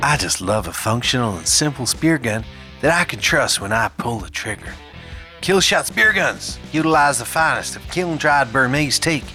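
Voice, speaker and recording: A man doing a sponsor read in a deliberately bad put-on accent, in a hammy, overdone salesman manner. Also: mid-range voice, expressive, music in the background, natural voice.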